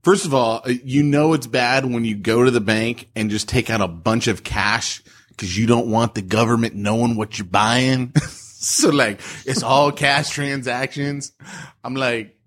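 A man in his thirties co-hosting a podcast, telling jokey stories in casual banter and jumping up high when he quotes people. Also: steady tone, a little slow, fairly bright tone. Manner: jokey storytelling, voices quotes with big pitch jumps. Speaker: podcast co-host.

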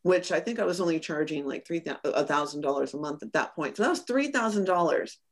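Woman, lower voice, animated storyteller, casual interview guest. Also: fast. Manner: animated, acts out quoted lines with laughs. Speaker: business coach, guest.

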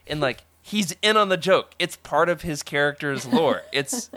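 A man's voice: a little high, moderate pace, no room sound. Podcast host, man, upbeat and chatty, dry close sound. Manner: enthusiastic, animated, laughs often. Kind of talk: casual podcast chat.

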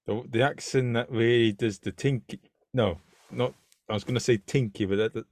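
A man's voice: medium pitch, fairly even intonation, normal speed, a little mellow. A man hosting a casual interview, asking questions with lots of stumbling restarts. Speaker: interview host.

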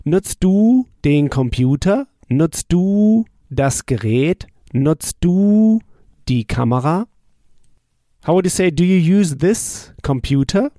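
A man teaching a language drill lesson. He asks a question, then answers it and repeats the phrases slowly and patiently. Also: a little high, expressive, mellow, no room sound, clean studio sound. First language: German.

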